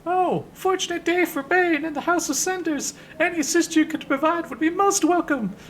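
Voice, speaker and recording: A man voicing an effeminate, heavy-set male messenger who speaks in a high falsetto with flowery, overly polite phrasing. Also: normal speed, fairly bright tone, a little hiss or hum, rough recording. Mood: fawning.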